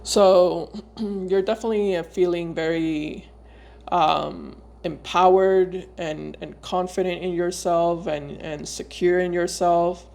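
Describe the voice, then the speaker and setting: A woman giving a casual tarot reading to her viewers. She talks in a loose, searching way, often pausing and repeating words before going on. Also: fairly low pitch, steady tone, gravelly, a little mellow. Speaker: tarot reader.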